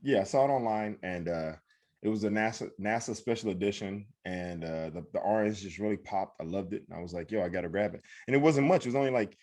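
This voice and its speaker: A man's voice: fairly low pitch, quick pace. A man co-hosting a podcast, chatting casually and acting out the people in his stories. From Cleveland. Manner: animated storyteller, acts out quotes. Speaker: podcast co-host. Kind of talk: casual chat.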